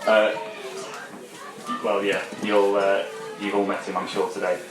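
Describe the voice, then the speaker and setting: A man's voice: lowish voice, little pitch movement, measured pace, loud music behind the voice. A man emceeing a gathering, hesitant and joking as he hands over the mic. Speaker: event emcee. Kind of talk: announcing to a crowd. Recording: echoey hall, distant mic.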